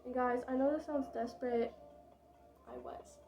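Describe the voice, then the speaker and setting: A woman's voice: high voice, fairly even intonation, normal speed, dark tone, muffled recording, faint music behind. A young woman vlogger telling a casual storytime, chatty and dramatic, with lots of fillers and swearing.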